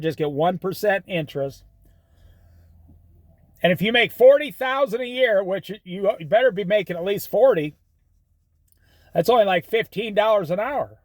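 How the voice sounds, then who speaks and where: Host, middle-aged man, high bouncy voice, folksy sermonizing monologue, dry close sound. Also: normal speed, pauses often, dry recording. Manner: folksy, preachy advice with storytelling. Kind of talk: casual monologue.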